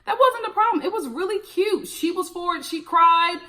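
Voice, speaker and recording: A woman's voice: extremely high pitch, moderate pace, bright, forceful tone. A young woman reviewing a reality TV show in casual, sassy, blunt commentary with teasing asides.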